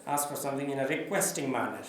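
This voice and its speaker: Man, English teacher, slow explaining, very echoey classroom, distant. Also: mid-range voice, a little hiss or hum. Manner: explains slowly, reading lines aloud and asking questions; mixes in Nepali now and then. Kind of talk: classroom lesson explaining a story.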